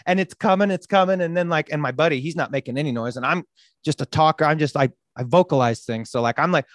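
A man hosting a podcast, telling a story with lots of swearing and loud acted-out quotes. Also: a little high, quick pace, dry recording. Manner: animated, swearing, acts out quotes loudly. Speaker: podcast host. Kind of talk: casual storytelling.

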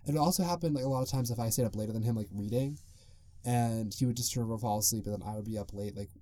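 A man's voice: mid-range voice, fast talker, mellow, no echo. A young man hosting a casual solo podcast, rambling with lots of "like" and frequent chuckles. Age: young adult. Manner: rambling, peppered with "like", chuckles often. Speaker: podcast host.

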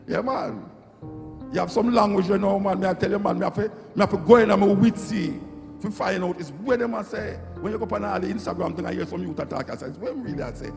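A man's voice: high voice, creaky. A middle-aged Jamaican man giving an impassioned, preachy monologue, repeating phrases to drive his points home. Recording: echoey hall with loud music.

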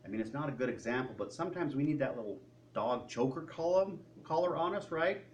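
A male pastor preaching a sermon in an animated, conversational way. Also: mid-range voice, a little fast. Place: church sanctuary. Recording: distant mic with faint room noise.

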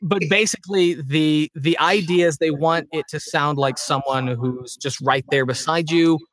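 A man talking as a guest in a casual interview about voice acting, with animated high energy. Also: normal speed. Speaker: voice actor guest.

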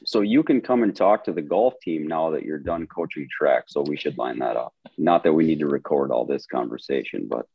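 A man appearing as a podcast guest, joking around in relaxed casual chat. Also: very deep voice, brisk, creaky, few pauses, breathy edge, dry recording, highs cut off.

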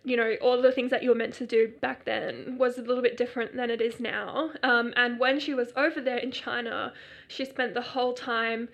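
Woman, podcast co-host, chatty, slightly high voice. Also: steady tone, brisk, gravelly, a bit bright. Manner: chatty, laughs often, many fillers. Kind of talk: casual podcast chat.

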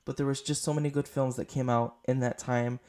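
Speaking fairly quickly in a flat, medium-pitched voice with a dark tone, a man rambles and gushes through a casual podcast film review. He uses many fillers and is tired, having stayed up late on little sleep.

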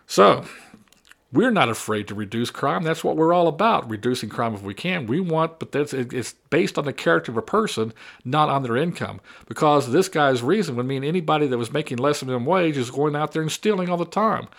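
A man's voice: fairly high pitch, expressive, fairly quick, vocal fry. A man delivering a combative opinion monologue, repeating and mocking his opponents' arguments. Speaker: political commentator.

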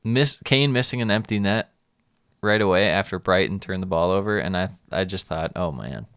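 Low, smooth-voiced man talking football. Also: moderate pace, no echo, studio quality. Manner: relaxed, rambling, laughs often. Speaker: podcast co-host. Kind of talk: casual sports chat.

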